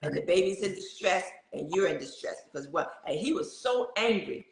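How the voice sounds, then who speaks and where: A middle-aged woman in casual conversation, an animated storyteller who acts out the voices she quotes. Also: lowish voice, normal speed, roomy sound, crowd noise. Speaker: guest sharing birth stories.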